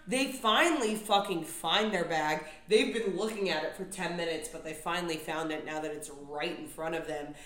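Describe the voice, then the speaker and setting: A woman's voice: fairly low pitch, normal speed, few pauses, fairly bright tone. A young adult woman hosting a podcast, delivering a comedic solo rant full of profane, exasperated complaints. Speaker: podcast host. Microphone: podcast microphone. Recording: roomy echo.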